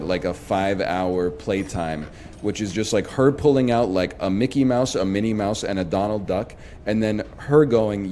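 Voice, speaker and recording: Guy rambling through funny parenting stories, faint noise in the background. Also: sits low. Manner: rambling, animated, jokey storyteller. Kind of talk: casual storytelling chat.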